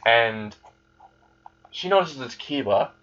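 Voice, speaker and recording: A man's voice: mid-range voice, animated, slow, fairly bright tone, lo-fi sound. A man casually retelling a fan-made story, rambling and swearing freely as he goes.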